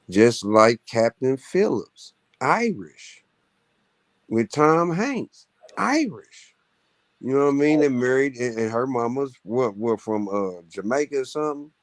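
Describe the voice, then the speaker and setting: A man's voice: medium pitch, animated, slow, no echo. Man, casual chat, rambling, dry room sound. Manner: rambling, loose, lots of "you know what I mean".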